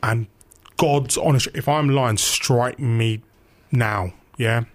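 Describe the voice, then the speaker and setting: A young man, a football radio reporter telling animated anecdotes in casual chat and acting out quotes. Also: mid-range voice, slow pace.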